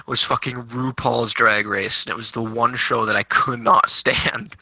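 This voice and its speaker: A man's voice: medium pitch, fairly even intonation, a little slow, sharp tone, dry recording, rough recording. A man as a guest in a casual chat, blunt and casually swearing, with many hesitant fillers.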